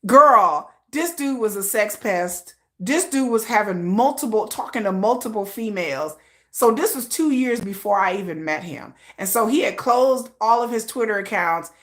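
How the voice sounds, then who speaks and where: A woman hosting a casual livestream from home, telling a story in animated, slangy talk and acting out the voices of other people. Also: mid-range voice, normal speed. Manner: animated, slangy, acts out quoted voices with laughs. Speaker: livestream host.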